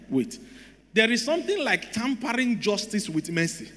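A male pastor preaching a sermon emphatically, jumping from shouted lines to low asides and laughing often. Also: sing-song, brisk. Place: church hall. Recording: long church-hall reverb.

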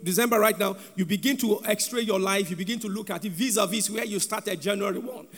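A man's voice: sits high, a little fast, fairly bright tone. A man preaching a sermon in a church hall, with a sing-song cadence and calls for the congregation to repeat after him. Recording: long hall reverb with faint background music.

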